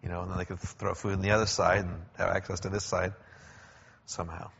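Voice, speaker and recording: A man preaching a sermon in a conversational way, explaining with pauses and restarts, in a church. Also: low-pitched, flat delivery, creaky, a bit bright, breathy edge. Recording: echoey hall, dull lo-fi sound.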